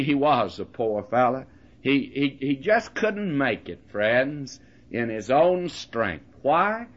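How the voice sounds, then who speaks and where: An older man with a medium-pitched voice works as a radio Bible teacher, preaching a sermon in a folksy, earnest style. He leans on homely illustrations and calls his listeners friends. The recording is dull and lo-fi.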